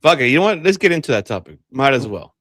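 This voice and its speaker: A man's voice: mid-range voice, very animated, quick pace, fairly bright tone, no echo. A man co-hosting a wrestling podcast, talking bluntly and casually, swearing freely as he reels off a match lineup. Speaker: podcast co-host. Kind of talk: casual wrestling debate chat.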